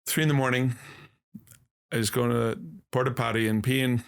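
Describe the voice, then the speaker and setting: A man telling a long, animated story as a podcast guest in casual conversation. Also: mid-range voice, gravelly, smooth. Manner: slow, drawn-out, animated storytelling.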